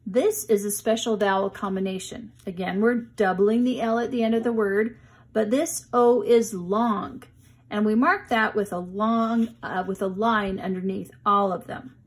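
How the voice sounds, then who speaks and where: A woman reads with young children in a slow, unhurried way, taking her time over each word. Her pitch sits in a middle range, and she talks to the kids patiently and kindly, like a teacher leading a reading lesson. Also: fairly even intonation, slightly rough.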